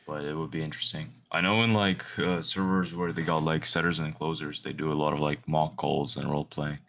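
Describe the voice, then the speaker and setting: A young man with a very low, deep voice and a bright, forceful edge, chatting casually about sales work. He delivers everything in an even monotone. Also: a little fast, vocal fry. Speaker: sales rep. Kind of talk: casual chat.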